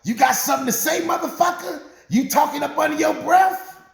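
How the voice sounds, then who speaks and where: A man voicing a mean, loud wife who yells and curses, with roomy echo. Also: very high-pitched, brisk, creaky, pitched above the performer's own voice. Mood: furious yelling. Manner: cursing, yelling.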